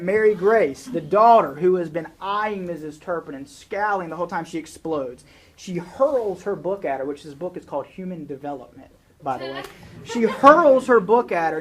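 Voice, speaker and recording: A man's voice: a little high, low-quality recording. Man reading a story in a sermon. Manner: conversational, reading a story aloud.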